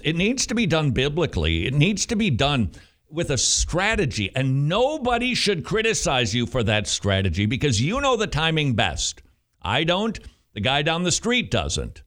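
A man's voice: mid-range voice, fairly bright tone. A man speaking as a pastor to fellow pastors, feverish and emphatic, repeating phrases to drive them home.

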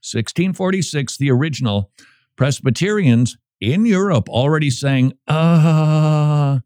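Animated, jokey male radio host. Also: medium pitch, normal speed, no echo, studio quality. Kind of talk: casual radio talk.

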